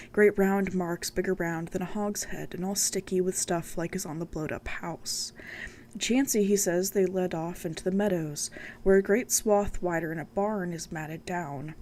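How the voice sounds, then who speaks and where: A woman's voice: mid-range voice, a little mellow, slight background noise, natural voice. A woman voicing a frightened rural housekeeper in a storybook reading, read plainly without a dialect.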